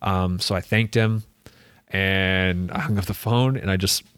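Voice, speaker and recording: A man's voice: low-pitched, steady tone, unhurried, a bit bright, smooth, no room sound. A young man, a soccer player, telling a personal story in casual chat, filling it with "like" and acting out what people said. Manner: rambling, heavy use of "like", acts out quoted dialogue.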